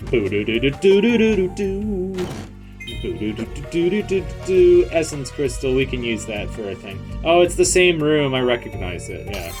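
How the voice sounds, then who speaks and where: A man's voice: mid-range voice, very animated, normal speed, few pauses. A man hosting a casual let's play, rambling through gameplay commentary with self-mocking jokes. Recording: loud game music behind.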